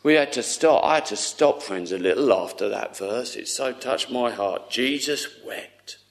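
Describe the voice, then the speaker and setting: A man delivering a sermon at an unhurried, drawn-out pace. His voice sits at an ordinary middle pitch, earnest and tender, and often falls to a soft hush. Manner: earnest, tender, slow with long pauses, often dropping to a hush. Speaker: preacher.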